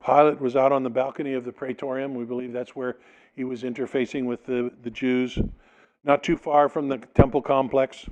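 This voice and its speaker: A man's voice: mid-range voice, little pitch movement, fairly quick, a little mellow, lo-fi sound. A male pastor preaching a sermon, reading a passage aloud and explaining it, sometimes acting out the people in it. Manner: expository preaching, reads scripture then explains it, dramatizes quotes.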